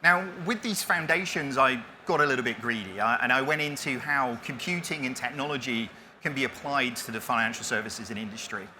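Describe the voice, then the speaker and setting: On a conference stage, a keynote speaker in his forties gives a self-deprecating talk, restarting often as he tells his story. His voice is medium-pitched and sharp, he speaks a little fast, and there is slight background noise.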